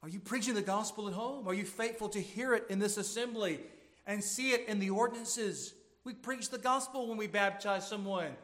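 A middle-aged man preaching a sermon as pastor, swinging from quiet, gentle passages to loud, emphatic exhortation. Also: high-pitched, normal speed. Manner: preaching with wide swings from hushed to shouting.

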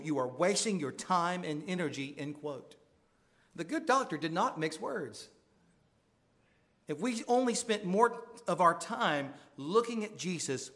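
A man's voice: high-pitched, a bit bright. A male pastor preaching a sermon with earnest emphasis, his voice rising on pointed questions.

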